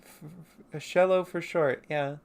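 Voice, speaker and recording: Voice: medium pitch, steady tone, a little slow, a little mellow, clear, resonant tone, close to an everyday voice. A young adult artist voicing a shy, jumpy young turtle creature who stammers and hesitates. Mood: earnest.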